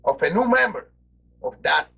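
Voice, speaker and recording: A man's voice: high voice, animated, moderate pace, vocal fry, slightly rough. A man doing wrestling color commentary, theatrical and grandiose in broken English. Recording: dull lo-fi TV broadcast audio.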